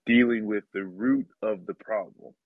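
A man hosting a podcast, talking casually with many pauses, restarts and light laughs. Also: on the low side, no echo. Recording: slightly dull, dry audio.

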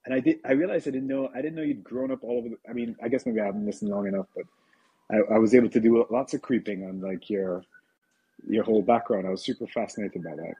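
A man in his forties chatting casually on a podcast, rambling and self-deprecating with halting restarts. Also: lowish voice, warm tone, slightly rough, highs cut off. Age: 40s. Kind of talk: casual chat.

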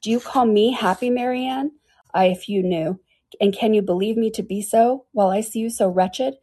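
A woman reading an audiobook and voicing a calm elder sister who speaks solemnly and urges gently. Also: mid-range voice, breathy edge, natural voice. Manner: solemn, measured, gently urging.

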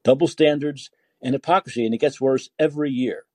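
A man's voice: mid-range voice, steady tone, brisk, dark tone, breathy edge, no room sound. A man hosting a call-in podcast, ranting with indignation and firing off rhetorical questions, often repeating words as he heats up. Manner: repeats words when heated. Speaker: podcast host taking calls.

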